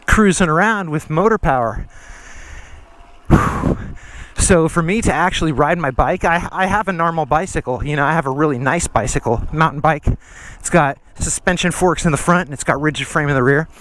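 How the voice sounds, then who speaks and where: A man's voice: on the high side, a little hiss or hum. A man out of breath, vlogging casually while riding a trail, rambling and slangy. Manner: slangy and rambling, says dude and freaking. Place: outdoor trail.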